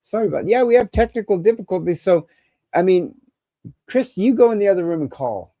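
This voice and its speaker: A man's voice: sits high, animated, a little fast, warm tone, no room sound. Crude, rambling male call-in host. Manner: rambling and crude, joking through technical trouble. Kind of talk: casual livestream chat.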